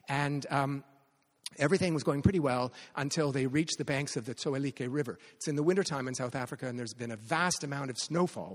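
Canadian male novelist, mid-pitch, halting delivery full of restarts, live reading in a hall with a long echo. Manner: hesitant, many restarts and fillers. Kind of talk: live author talk at a literary event. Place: venue at a literary festival.

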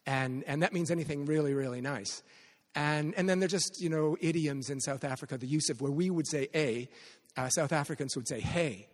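A man's voice: fairly high pitch, fairly quick, long reverb tail. A man from Canada, a novelist speaking at a literary reading, talking with many restarts and fillers. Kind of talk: live author talk at a literary event. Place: venue at a literary festival.

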